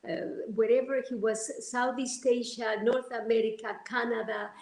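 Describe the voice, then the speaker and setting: A woman from Argentina, sharing personal stories as a guest in a heartfelt, animated way. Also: fairly high pitch, moderate pace. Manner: heartfelt, animated, many restarts. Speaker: interview guest. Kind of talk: personal storytelling. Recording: roomy echo.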